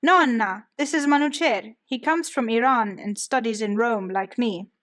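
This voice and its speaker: A woman's voice: fairly high pitch, normal speed, a bit bright, close to an everyday voice. A woman reading an audiobook, voicing an easygoing young male Italian art student. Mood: friendly.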